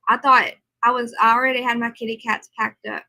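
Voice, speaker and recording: A woman's voice: a little high, little pitch movement, fairly quick, creaky, pushed and bright, low-quality recording. A tired woman hosting a casual livestream, chatting and answering viewers' comments. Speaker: livestream host.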